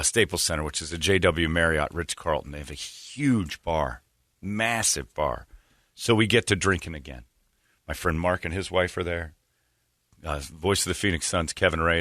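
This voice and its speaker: This radio host has a low voice, captured in a dry, clean studio recording. He's telling a rambling, animated anecdote on his sports show, voicing the quotes of the people in it.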